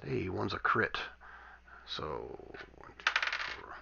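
A man's voice: deep voice, sing-song, takes it slowly, gravelly, background noise. A man running a tabletop game as game master, counting dice rolls aloud and describing combat casually. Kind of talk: narrating a tabletop game over voice chat. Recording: dull lo-fi voice chat audio.

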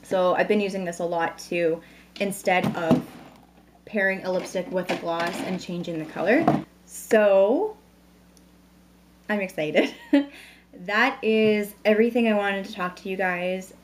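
A beauty vlogger in her thirties chats at home into a camera mic in a casual vlog, bubbly and talkative as she introduces products and a new baby. Her mid-range voice is unhurried, she pauses often, and there is background noise.

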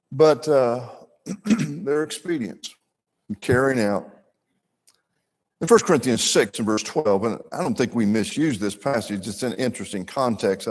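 A man's voice: fairly low pitch, darkish tone. An older man teaching a church Bible class in an earnest, folksy way, with asides to his listeners.

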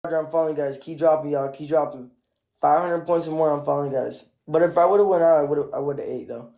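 Gravelly, mellow-voiced man on a live stream. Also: fairly high pitch, brisk. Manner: laid-back, thanking viewers for gifts. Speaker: livestreamer. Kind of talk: casual live-stream chatter.

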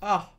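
A man streaming a video game, commenting live, often yelling, laughing and repeating phrases over and over. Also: very high voice. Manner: excitable, yelling and laughing a lot.

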